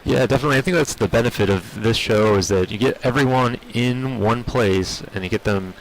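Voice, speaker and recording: A man speaking for an industry group, explaining technology trends in a measured way with many filler words. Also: medium pitch, a little hiss or hum, low-quality recording. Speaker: industry spokesperson. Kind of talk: on-site interview.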